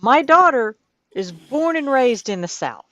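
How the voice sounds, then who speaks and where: Slow-talking woman on dull dry audio. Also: high-pitched, big pitch swings, a bit bright. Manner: amused storytelling with laughs. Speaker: mother, festival performer. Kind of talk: casual chat.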